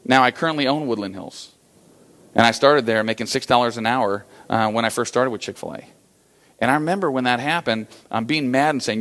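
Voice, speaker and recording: A man's voice: medium pitch, fairly quick, a bit bright. A man giving a live motivational talk to an audience, telling stories in a folksy, conversational way. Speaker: motivational speaker.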